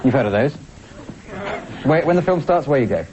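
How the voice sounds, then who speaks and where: A man's voice: mid-range voice, lively intonation, normal speed, noisy background. A man hosting an improv comedy show, introducing games with dry, wry quips. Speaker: host. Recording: dull TV studio recording with audience.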